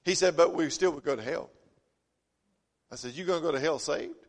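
High-voiced folksy preacher in a reverberant hall. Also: male voice, brisk. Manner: folksy storytelling, swinging from loud emphasis to quiet asides. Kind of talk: sermon. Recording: long reverb of a church hall.

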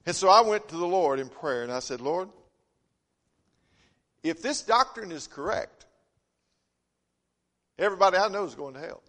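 Man preaching, high voice, folksy storyteller, long hall reverb. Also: lively intonation, moderate pace, pauses often. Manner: folksy storytelling, swinging from loud emphasis to quiet asides. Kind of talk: sermon.

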